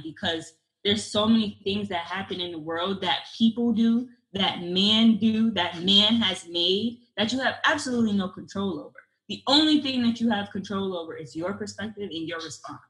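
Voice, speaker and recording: Bright-voiced young woman in an echoey room. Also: medium pitch. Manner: earnest, rambling, many restarts and fillers. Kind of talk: casual conversational chat.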